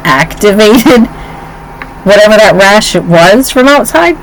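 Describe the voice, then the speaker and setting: A woman's voice: medium pitch, slow, slight background noise, rough recording. A woman in her forties co-hosting a casual chat, telling stories and acting out what others said. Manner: animated storyteller, acts out quotes. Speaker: podcast co-host.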